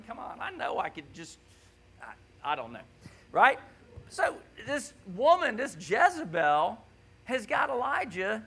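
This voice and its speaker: A man preaching a conversational sermon in a church, animated and often checking in with his listeners. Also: high voice, gravelly. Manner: animated, keeps asking "right?".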